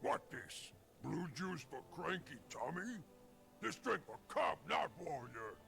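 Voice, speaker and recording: Scarsnout, gravelly boar chief. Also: male voice, fairly high pitch, very animated, slow, pushed and bright, exaggerated voice. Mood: angry. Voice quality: gravelly, choppy broken grammar. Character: hot-headed male boar warrior chief, broken speech.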